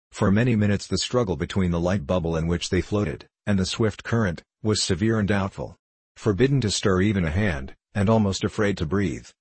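A man narrating a classic adventure novel in a steady, measured reading. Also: sits low, breathy edge, no echo. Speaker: audiobook narrator.

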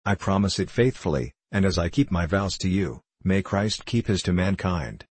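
A man's voice: deep voice, expressive, normal speed, husky, dry recording. A man reading the part of a devout abbot, speaking with earnest, soothing persuasion. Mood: tender. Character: tender, devout older male abbot.

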